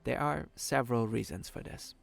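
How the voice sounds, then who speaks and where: A man from Germany with a German accent, narrating a scripted explainer in a clear, measured way. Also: mid-range voice.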